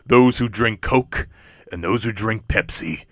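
A man doing a quiet impression of a laconic movie gunslinger, speaking low and clipped. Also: unhurried, very noisy, natural voice. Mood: deadpan.

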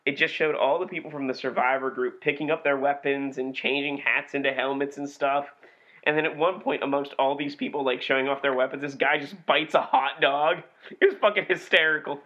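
A young man co-hosting a podcast, chatting casually with an animated, profane delivery. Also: mid-range voice, brisk. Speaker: podcast co-host reviewing B movies. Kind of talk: casual chat. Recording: dull lo-fi podcast recording.

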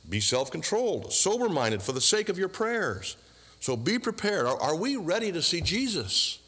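A man preaching with a lively, rising and falling pitch, tossing rhetorical questions to his listeners. His voice carries a long reverb, as in a large church hall. His delivery is earnest and mixed with dry humor. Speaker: pastor. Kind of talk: sermon.

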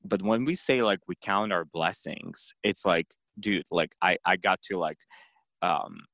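A man's voice: deep voice, unhurried, fairly bright tone, dry recording. A man hosting a podcast in casual chat, talking in a rambling way full of fillers and stutters. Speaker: podcast host.

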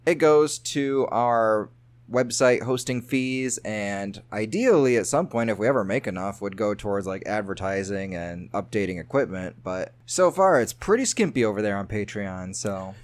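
A man's voice: fairly low pitch, normal speed. A man co-hosting a podcast in casual chat, jokey and loose, laughing often. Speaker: podcast co-host.

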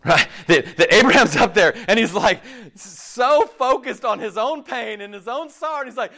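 Animated higher-voiced male preacher. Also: normal speed, hardly any pauses. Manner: animated, acts out quoted voices, checks in with "right?" and "okay?". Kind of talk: sermon.

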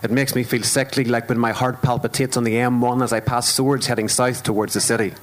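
A man's voice: medium pitch, flat delivery, a little fast. A man with a Northern Irish accent performing spoken word poetry live at a club, with a rhythmic, wry, self-deprecating delivery. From Northern Ireland. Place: live music club venue.

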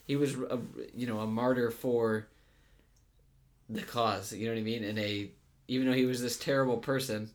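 A man's voice: medium pitch, fairly even intonation, moderate pace. A man co-hosting a casual talk about movies, rambling with lots of fillers and restarts. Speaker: podcast co-host.

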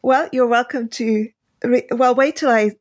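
A woman hosting a podcast in casual conversation, her voice a little high and slightly husky. She talks hesitantly, pausing with ums and restarting her sentences. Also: fairly even intonation. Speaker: podcast host; freelance translator. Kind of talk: casual interview chat.

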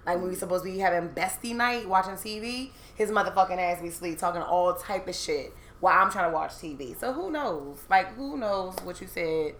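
A woman's voice: on the low side, a little fast, hardly any pauses, a bit bright, slight background noise. Blunt woman teasing in an echoey room. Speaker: podcast co-host. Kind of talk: casual chat. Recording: roomy room.

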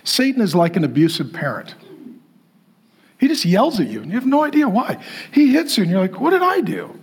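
A man's voice: high voice, a little fast, husky. A man preaching a sermon to a congregation, telling a story and acting out the people in it. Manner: animated, acts out quoted voices. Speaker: pastor.

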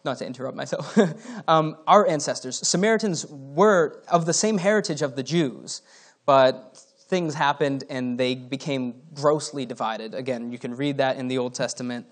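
A man's voice: medium pitch, normal speed. A man preaching a sermon in a casual, conversational way, reading scripture aloud and breaking off into asides with the odd chuckle.

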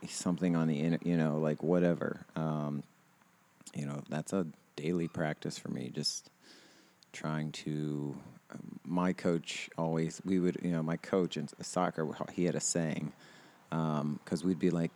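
Low-voiced rambling man, outdoors. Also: steady tone, unhurried, a little mellow. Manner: rambling, heavy on fillers and restarts, laughs often. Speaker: podcast host. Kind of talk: casual chat.

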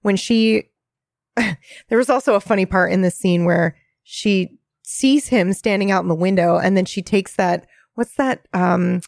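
A woman's voice: mid-range voice, measured pace, gravelly, darkish tone, dry recording, studio quality. A woman co-hosting a casual rewatch podcast, chatting and narrating scenes. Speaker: podcast co-host.

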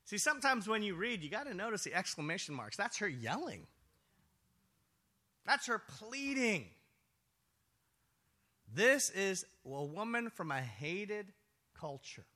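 A man preaching a sermon, telling the story with animated storytelling and acting out voices. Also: high voice, measured pace, pauses often. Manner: animated storytelling, acts out voices, laughs often. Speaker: pastor.

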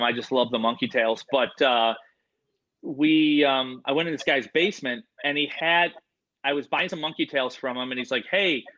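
A man who breeds reptiles, telling stories in casual chat with lots of fillers and swearing, getting animated. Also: medium pitch, lo-fi sound.

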